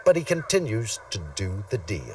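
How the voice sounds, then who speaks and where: A man's voice: on the low side, sing-song, moderate pace, recorded from a distance, a little hiss or hum. A man hosting a jokey TV crime show, narrating with a wry, punchy delivery. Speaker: host. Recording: TV audio with music behind, from off mic.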